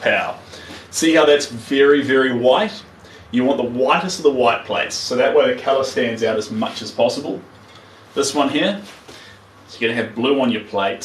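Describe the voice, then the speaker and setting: A man's voice: medium pitch, recorded from a distance, slight background noise. A man with a New Zealand accent chatting casually to live viewers while he paints, trailing off as he works. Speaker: artist streaming live. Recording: roomy, mic set back from speaker.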